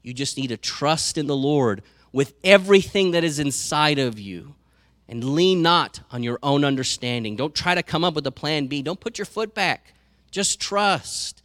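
A man's voice: fairly high pitch, expressive, moderate pace, a bit bright, no echo, studio quality. A man preaching a sermon as a pastor, earnest and repeating words as he goes.

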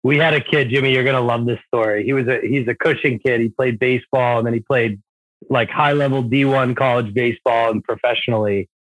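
A man's voice: medium pitch, steady tone, fairly quick, a bit bright, no room sound, low-quality recording. Casual man telling a story, dry sound. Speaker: podcast host. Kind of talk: podcast interview talk.

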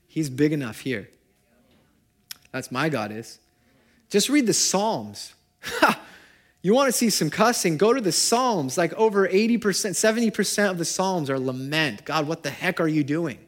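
A man preaching a sermon at a church gathering, talking casually and shifting between loud, animated stretches and hushed, quiet ones. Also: fairly high pitch. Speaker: pastor.

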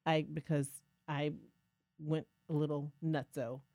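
A woman co-hosting a podcast, telling a lively personal story in a casual, self-mocking way. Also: deep voice, a little slow, dry recording, highs cut off. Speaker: podcast co-host.

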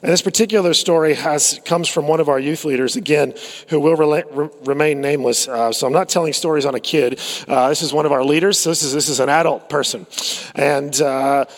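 Aussie pastor guy preaching, chatty and storytelling, slightly high voice, big echoey hall. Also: brisk. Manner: storytelling, conversational, with fillers and repeats. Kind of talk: sermon. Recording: long hall reverb.

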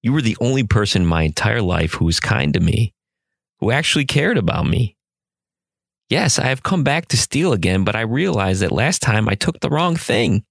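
A man voicing a gruff young burglar. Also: fairly low pitch, big pitch swings, normal speed, dry recording, clean studio sound, heavily acted. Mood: earnest. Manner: gruff and threatening at first, later pleading. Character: desperate young male burglar turned seeker.

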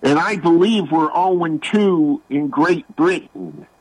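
Slow, rambling male regular caller. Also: a little high, a little mellow, breathy edge, no echo, poor audio. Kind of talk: casual sports talk.

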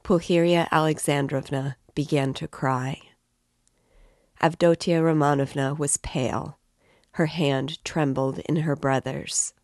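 A woman reading a novel aloud as narrator, in a measured, steady way. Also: very deep voice, no echo, studio quality. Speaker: reader.

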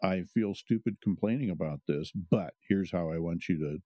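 A man co-hosting a podcast, thinking aloud with halting restarts in casual conversation. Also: low-pitched, mellow, no room sound.

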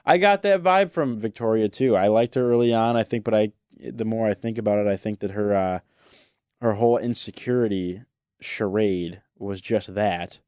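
An opinionated man co-hosting a podcast, chatting casually and laughing as he weighs in. His voice is smooth and clear. It is recorded dry and close. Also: lowish voice, a little mellow, no echo. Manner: opinionated, laughs often, drawn-out asides. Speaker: podcast co-host. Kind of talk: casual chat giving opinions.

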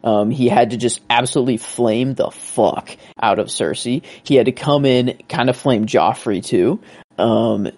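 A man's voice: medium pitch, a little slow, a little mellow, no room sound. A man co-hosting a casual chat, talking enthusiastically and rambling with many restarts. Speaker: co-host.

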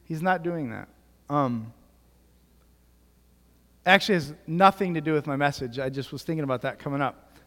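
A man's voice: on the high side, moderate pace, pauses often, fairly bright tone. A young male pastor giving a casual, storytelling sermon full of "like" and restarts. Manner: casual storytelling with many fillers. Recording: long hall reverb.

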